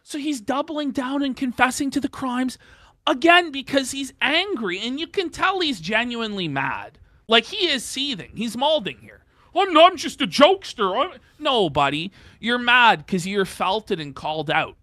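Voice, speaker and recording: A man's voice: very high-pitched, very animated, moderate pace, bright, forceful tone, no echo, clean studio sound. A man co-hosting a podcast, reacting to clips in a scornful, mocking manner. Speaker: podcast co-host. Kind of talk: casual reaction chat.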